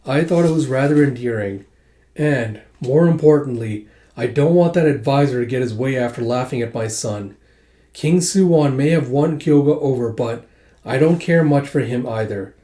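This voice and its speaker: A composed noble lady, calm and measured, with a dark, mellow tone, as a man reads her lines aloud. The voice echoes a little in a roomy space. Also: medium pitch, close to an everyday voice. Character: composed noblewoman, mother of a lord. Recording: echoey room.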